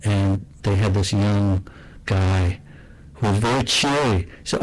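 A man with a lowish voice tells a personal story. His delivery is soft, reflective and unhurried in feeling, and he keeps it low-key throughout. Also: steady tone, rough recording.

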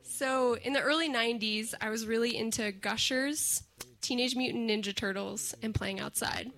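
A woman in her thirties telling a personal story to an audience, animated and acting out the voices she quotes. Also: fairly high pitch, normal speed.

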